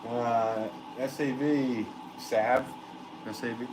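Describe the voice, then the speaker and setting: Casual male potter, mid-pitched voice, chats with viewers on a noisy stream from his studio. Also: fairly even intonation, takes it slowly. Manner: easygoing, reads viewer comments aloud and chats back with soft laughs. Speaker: potter live-streaming while throwing pots. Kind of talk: casual live-stream chat. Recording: noisy live-stream audio with clear background hiss.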